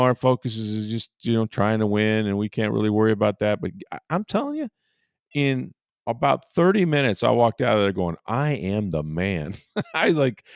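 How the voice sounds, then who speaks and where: A man's voice: lowish voice, creaky, darkish tone, no echo, studio quality. A middle-aged man hosting a podcast, telling a rambling, self-deprecating story in a casual chat, often laughing. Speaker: podcast host and sportswriter.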